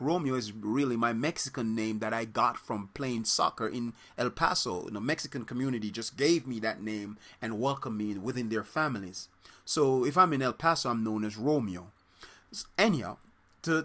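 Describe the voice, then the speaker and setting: Bright-voiced man telling a story. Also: mid-range voice. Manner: animated, rambling, with many fillers and quoted voices. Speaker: soccer coach and channel host. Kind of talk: casual storytelling to camera.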